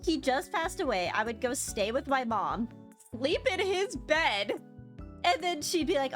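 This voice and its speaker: A woman's voice: high-pitched, expressive, moderate pace, a bit bright, faint music behind. Giggly young woman rambling casually. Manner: giggly, rambling, with frequent swearing. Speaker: streaming guest. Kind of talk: casual chat.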